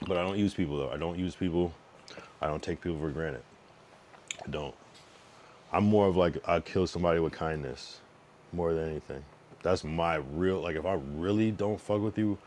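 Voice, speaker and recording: A deep-voiced young man holds forth on his livestream, swearing freely and circling back over his own words. His talk is loose and rambling, full of restarts. A faint hiss sits under his voice. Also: a little fast, a little mellow. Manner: blunt, profane, rambling with frequent restarts. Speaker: streamer. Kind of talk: casual livestream monologue.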